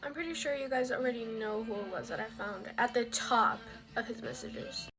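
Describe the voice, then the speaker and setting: High-voiced woman over music. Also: moderate pace, rough recording. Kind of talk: casual storytime monologue. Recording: music playing clearly behind.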